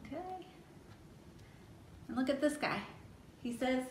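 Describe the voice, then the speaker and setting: A woman's voice: high-pitched, lively intonation, slow, distant mic, slight background noise. A woman children's librarian leading a toddler storytime, speaking in a coaxing way and asking the children questions. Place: library room. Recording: echoey room, mic set back.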